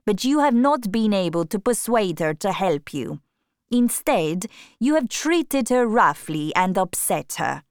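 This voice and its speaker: A woman reading an audiobook voices a sly, scheming count, an older man, speaking quietly and deliberately. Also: medium pitch, very animated, smooth, no echo, studio quality. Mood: calm scheming.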